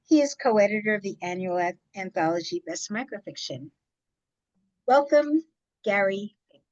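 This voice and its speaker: A woman's voice: mid-range voice, expressive, normal speed, darkish tone, no room sound. Woman host with dull, dry audio. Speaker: host introducing readers. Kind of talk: reading event hosting.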